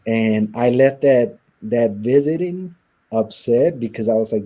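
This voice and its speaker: A man's voice: medium pitch, measured pace, warm tone. A man in an interview, casually telling his life story with lots of quoted back-and-forth and fillers. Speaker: interview guest.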